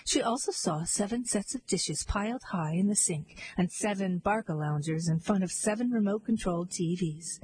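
Wry, husky-voiced woman storyteller. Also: medium pitch, low-quality recording. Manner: wry, deadpan. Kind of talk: scripted narration.

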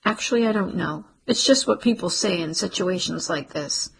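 Woman reading young man, level delivery, earnest, very husky, gravelly. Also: fairly low pitch, normal speed, fairly bright tone, exaggerated voice, rough recording. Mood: even. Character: Garrett, awkward young man, calm and earnest.

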